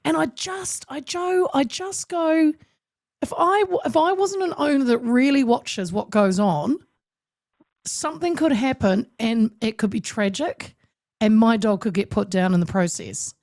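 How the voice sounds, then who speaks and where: Her voice sits high and she takes her time, recorded dry with studio quality. She's a radio talk show host in a casual interview chat, animated and emphatic, frequently restarting her sentences.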